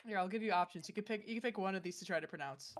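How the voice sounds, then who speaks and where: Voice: medium pitch, very fast, a bit bright. A game master in an everyday, mid-range voice, chatting casually with the players. The talk is playful and teasing, with laughs breaking in often. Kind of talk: casual chat between players.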